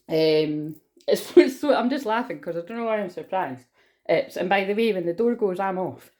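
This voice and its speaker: Low, mellow-voiced woman, swearing freely. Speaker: tarot reader. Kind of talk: casual tarot reading to camera.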